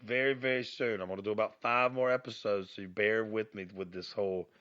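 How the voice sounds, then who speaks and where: A man with a raspy, slightly twangy voice and a fairly low pitch rambles through a casual solo rant. He swears freely and pokes fun at himself. It sounds like he is talking into a phone, and the sound is a little dull and muffled. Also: steady tone, a little fast, a bit bright. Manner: rambling, profane, self-mocking. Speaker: podcast host.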